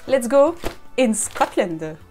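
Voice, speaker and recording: A French woman with a French accent chatting excitedly to herself during a casual live stream, slipping between English and French. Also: a little high, slow pace, soft background music. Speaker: costume maker streaming live. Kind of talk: casual live-stream chat while unboxing.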